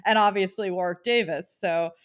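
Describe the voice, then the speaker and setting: A woman chatting casually on a podcast, animated and laughing often as she talks. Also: medium pitch, normal speed. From United States. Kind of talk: casual chat.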